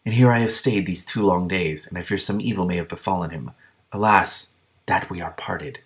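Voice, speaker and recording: A man's voice: low-pitched, normal speed. A man voicing a weepy, melodramatic young princess who talks in old-fashioned, tragic phrasing. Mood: lamenting.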